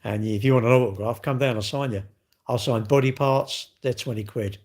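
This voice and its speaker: A man's voice: mid-range voice, steady tone, a little fast, a little mellow. A middle-aged man, hosting a live stream and chatting casually as he reads out viewer comments, in rambling, jokey, self-mocking banter. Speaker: livestream host.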